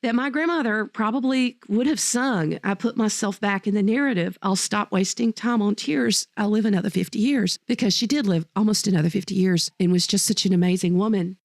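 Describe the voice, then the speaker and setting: A woman's voice: mid-range voice, a little fast, gravelly, hardly any pauses, no echo, studio quality. A woman teacher and podcast host telling personal stories in a heartfelt, rambling way, often correcting herself mid-sentence. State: choked up. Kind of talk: personal storytelling.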